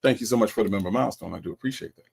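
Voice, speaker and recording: A man's voice: fairly low pitch, rapid-fire, creaky, husky. A man hosting a show, teasing and ribbing a caller in casual commentary. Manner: teasing, repetitive, animated. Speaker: show host. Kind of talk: casual commentary on a call recording.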